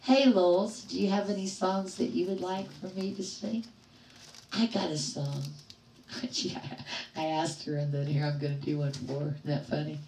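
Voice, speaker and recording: A middle-aged woman hosting a livestream, telling a story to her chat in a lively way, acting out the voices she quotes and laughing often. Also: lowish voice, normal speed, echoey room, far from the mic, a little hiss or hum, poor audio. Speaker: livestream host. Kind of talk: casual storytelling to live chat.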